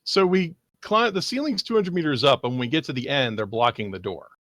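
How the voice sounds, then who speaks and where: A man's voice: medium pitch, lively intonation, fairly quick, fairly bright tone, no room sound. A man playing a tabletop game, asking curious questions. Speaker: player. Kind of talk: casual tabletop game talk.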